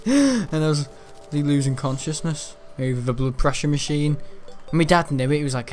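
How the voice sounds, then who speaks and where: A man giving rambling, chatty gameplay commentary, laughing often and breaking into excitable outbursts. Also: a little high, a little slow, soft background music. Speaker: gaming channel host.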